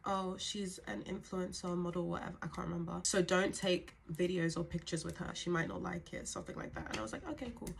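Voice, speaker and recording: Fast-talking woman telling a story. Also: on the low side, a bit bright, slight background noise. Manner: chatty, lots of "like" and asides to viewers. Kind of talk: casual storytime.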